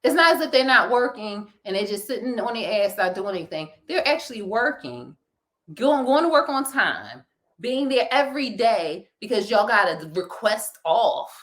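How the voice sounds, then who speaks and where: A woman with a Philadelphia accent, co-hosting a casual talk show and ranting in an animated, preachy way with frequent laughter. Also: mid-range voice, normal speed. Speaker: podcast co-host.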